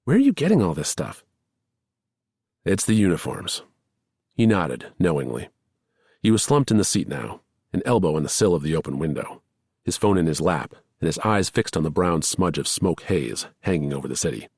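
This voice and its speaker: Deep, husky male audiobook narrator. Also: animated, brisk, a little mellow, no echo, studio quality. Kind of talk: scripted narration.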